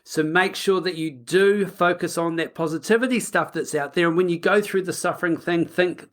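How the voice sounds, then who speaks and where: A man with a voice set a little higher than most men's. He co-hosts a podcast in relaxed casual chat, easygoing and encouraging. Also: normal speed, few pauses. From New Zealand. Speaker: podcast co-host.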